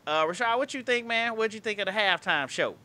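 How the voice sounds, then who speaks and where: Male podcast host, relaxed and chatty, lively bright voice. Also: high voice, fairly quick. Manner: laid-back, leans on "you know what I'm saying". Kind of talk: casual podcast chat.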